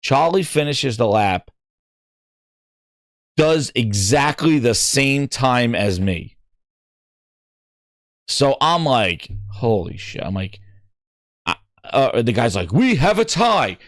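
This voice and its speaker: A middle-aged man hosting a gaming show, telling an excitable story and acting out what other people said. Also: medium pitch, slow pace, pauses often, no room sound, clean studio sound. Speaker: gaming podcast host. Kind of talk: animated storytelling.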